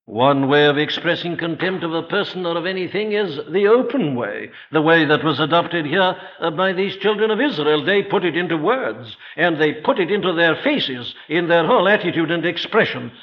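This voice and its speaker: Animated and fairly high-pitched, a man preaches an evening church sermon with earnest rhetoric. He directs questions right at his listeners and slows to stress crucial phrases, captured on an old, dull, lo-fi recording.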